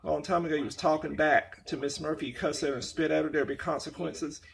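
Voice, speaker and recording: Creaky-voiced man in a repetitive ramble. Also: on the high side, steady tone, fast. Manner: repetitive, circling retelling. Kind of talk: rambling spoken monologue.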